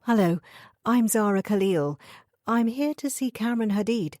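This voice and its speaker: A woman's voice: a little high, normal speed, darkish tone, dry recording, studio quality, pitched above the performer's own voice, natural voice. A woman voicing a polite, careful young professional woman in an audiobook, speaking tentatively.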